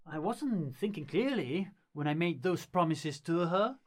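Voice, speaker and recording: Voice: mid-range voice, expressive, a little slow. Someone doing a cold fickle young nobleman, blunt, lots of up and down in the voice. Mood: earnest. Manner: blunt, scornful.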